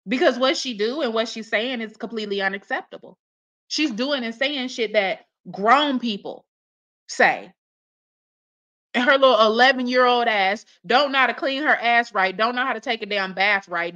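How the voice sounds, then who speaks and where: Blunt, scolding woman with a bright voice. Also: a little high. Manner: blunt, scolding, swears heavily; mocks others in put-on voices. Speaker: reaction commentator. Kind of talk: profane reaction commentary.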